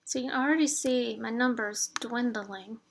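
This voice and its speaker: Middle-aged woman, slightly high voice, casual encouraging tutorial host, chatty with fillers. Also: moderate pace, a little hiss or hum. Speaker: instructor demonstrating a debt spreadsheet. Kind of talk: casual screen-share tutorial.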